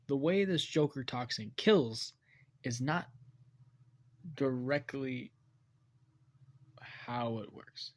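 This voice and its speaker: Slow, gravelly man rambling through a story. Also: medium pitch. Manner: rambling, hesitant, self-correcting. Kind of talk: improvised story narration.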